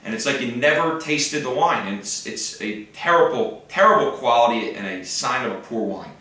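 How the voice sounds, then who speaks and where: A man's voice: medium pitch, expressive, normal speed, hardly any pauses, sharp tone, far from the mic. Chatty man explaining wine, echoey room. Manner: enthusiastic, chatty, filler-heavy. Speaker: wine host. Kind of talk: casual wine-tasting tutorial. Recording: roomy echo, off-mic.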